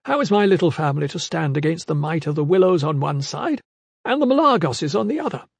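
Brief: fretful elderly grandmother, as a male narrator puts her on, voice pitched well up, dry sound. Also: animated, brisk, vocal fry, breathy edge, dry recording, full character voice. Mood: worried. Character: worried old grandmother of a small noble family.

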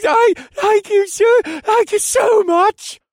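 A man voicing a nervous poor male thief who stammers and pleads in a high voice. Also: slow, dry recording, clean studio sound, exaggerated voice. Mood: pleading.

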